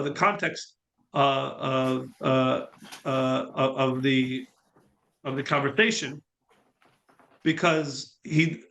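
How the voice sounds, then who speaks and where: A middle-aged man teaching a Torah class as a rabbi. He talks in a halting way, with many fillers and restarts, and mixes in storytelling. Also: fairly high pitch, bright, forceful tone.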